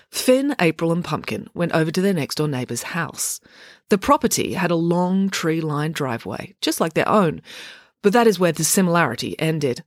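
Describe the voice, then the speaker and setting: A woman narrating an audiobook story with expressive storytelling. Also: low voice, normal speed, no echo, studio quality.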